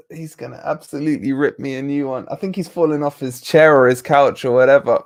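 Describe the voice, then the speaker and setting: A man's voice: medium pitch, steady tone, a little fast, few pauses. A man hosting a casual late-night live stream, chatting and reading out viewer comments with jokey banter. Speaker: livestream host reading chat.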